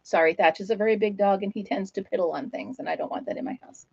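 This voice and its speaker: Chatty woman host, casual live-stream chat, mid-pitched and self-deprecating, slightly dull lo-fi sound, dry. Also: quick pace, creaky, hardly any pauses, breathy edge, dry recording.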